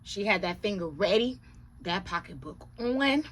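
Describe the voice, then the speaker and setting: A woman reviewing reality TV in casual, profane chat who often drops to hushed asides. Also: medium pitch, expressive, a little slow.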